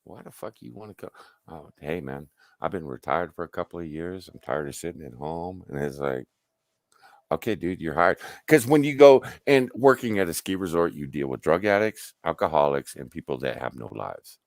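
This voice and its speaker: Deep gravelly man telling stories. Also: normal speed, dry recording, clean studio sound. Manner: profane, animated storyteller acting out quotes. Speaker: livestream host. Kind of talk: casual storytelling chat.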